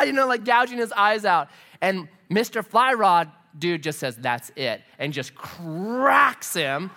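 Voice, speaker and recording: A man preaching a sermon as a pastor, telling stories in an animated, conversational way. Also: sits high. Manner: animated storytelling, lively and conversational.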